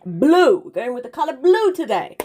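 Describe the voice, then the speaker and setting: A woman's voice: high voice, big pitch swings, normal speed, dark tone. Emphatic woman preaching to camera. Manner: emphatic, preachy, calls listeners "darling". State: slightly out of breath. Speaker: spiritual video creator. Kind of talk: casual monologue to camera.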